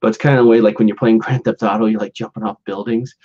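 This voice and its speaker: A man with a fairly low voice talks through a casual solo podcast. He rambles loosely, packing in fillers and false starts and chuckling along the way. The recording is dull and lo-fi. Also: fairly even intonation, quick pace, a little mellow. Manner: rambling, lots of "like" and restarts, chuckles often. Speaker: podcast host.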